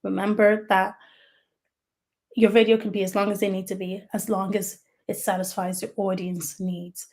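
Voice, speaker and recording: A woman's voice: medium pitch, little pitch movement, moderate pace, darkish tone. A woman who works as a YouTube strategist, giving tips in a chatty, explanatory livestream talk and stressing key words as she goes.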